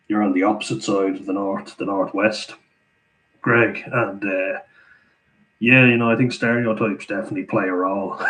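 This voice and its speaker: A man with an Irish accent chats loosely through a live viewer Q&A. His voice sits a little low, and he keeps breaking into easy laughter between remarks. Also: fairly bright tone, rough recording. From Ireland. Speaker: channel host answering viewer questions. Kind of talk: casual live Q&A chat.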